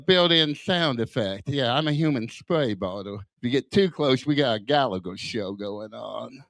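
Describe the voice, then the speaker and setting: A man's voice: medium pitch, animated, normal speed, gravelly, fairly bright tone, no echo. An older man doing stand-up comedy with a strong lisp that whistles on his s sounds, firing off self-deprecating one-liners on a club stage. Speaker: stand-up comic.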